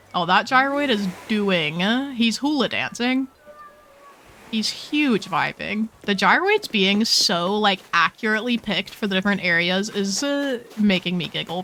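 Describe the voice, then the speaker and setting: A woman's voice: medium pitch, lively intonation, a little slow, sharp tone, a little hiss or hum. A young woman hosting a casual video game tour, gushing and playful with lots of slang. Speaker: host touring game islands. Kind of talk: casual gameplay commentary.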